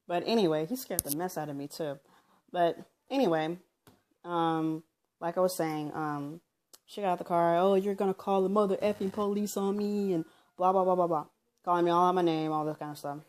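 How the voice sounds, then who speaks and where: A woman's voice: fairly low pitch, normal speed, a little mellow. A woman at home recounting her own story in a casual vlog, rambling with lots of fillers and acting out what people said. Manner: rambling, with many fillers like um and you know; loosely reenacts what people said as she tells it.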